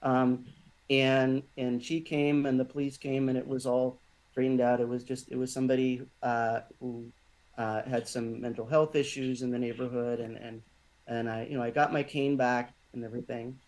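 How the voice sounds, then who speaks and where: Halting man telling a story. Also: medium pitch, level tone, darkish tone, rough recording. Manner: halting, many restarts and fillers. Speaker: podcast guest. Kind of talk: conversational storytelling.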